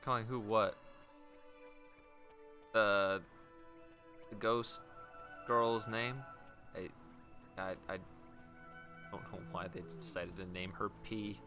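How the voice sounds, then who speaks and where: A young man streaming a game live, joking and reacting with quick playful asides. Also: lowish voice, fairly even intonation, music in the background.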